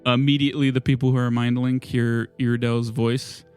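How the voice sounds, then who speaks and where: A man's voice: medium pitch, little pitch movement, a little fast, smooth, faint music behind. A man running a tabletop game as game master, describing scenes in a loose, filler-heavy way.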